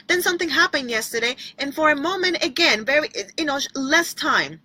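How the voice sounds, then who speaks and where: A woman's voice: high-pitched, lively intonation, fairly quick, pushed and bright, no echo, low-quality recording. A woman speaking to her online viewers in a chatty, repetitive devotional talk, calling them by name and now and then breaking into a bit of song. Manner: breaks into short bits of singing. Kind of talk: inspirational livestream talk.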